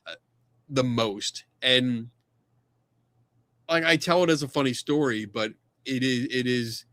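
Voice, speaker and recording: A man hosting a podcast, telling a casual anecdote, animated and laughing often, acting out other people's lines. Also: mid-range voice, no echo. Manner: animated storyteller, laughs often, acts out quotes. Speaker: podcast host.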